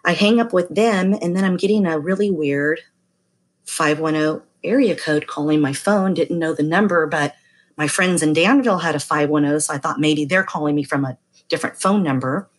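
Middle-aged woman storyteller, lowish voice, chatty, mimics others in her tale. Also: moderate pace. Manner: chatty, acts out quoted voices. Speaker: massage therapist telling a story. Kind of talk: casual storytelling.

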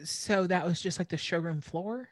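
Female co-host, deep-voiced, deadpan quips, dry close recording. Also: moderate pace, no echo. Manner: wry, joking interjections. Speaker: podcast co-host. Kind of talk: casual chat.

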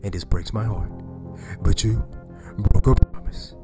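A man voicing a wife who turns into a female gargoyle, her lines drawn out in a high wail or dropped low and hushed. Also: steady tone, measured pace, over loud music, natural voice. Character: wife turned female gargoyle, pleading then cold.

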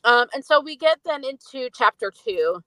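A woman's voice: sits high, lively intonation, moderate pace, sharp tone, dry recording, poor audio. A young woman chatting casually as a podcast co-host, rambling and filling her talk with "like". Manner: rambling, fills speech with "like". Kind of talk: casual film review chat.

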